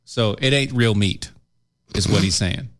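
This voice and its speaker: A man co-hosting a casual talk show, joking and rambling with frequent restarts. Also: on the low side. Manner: rambling, halting restarts, jokey. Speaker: podcast co-host. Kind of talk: casual chat.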